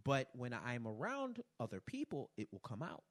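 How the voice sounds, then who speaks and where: A young man with a New York accent hosts a relaxed podcast conversation. He tells stories in an animated way and laughs often. He acts out the people in his anecdotes as he goes. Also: mid-range voice, normal speed. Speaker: podcast host. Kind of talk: casual chat.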